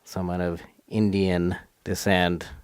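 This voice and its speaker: Deep-voiced man co-hosting a podcast. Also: flat delivery, darkish tone, clear, resonant tone, dry recording, clean studio sound. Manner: measured, thoughtful, with hesitant fillers. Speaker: podcast co-host. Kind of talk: casual chat.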